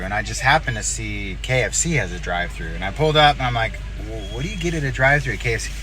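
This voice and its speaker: A man's voice: mid-range voice, noisy background. A man, a real estate agent, chatting casually and self-deprecatingly to the camera while he drives around. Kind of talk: casual driving vlog. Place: in a car.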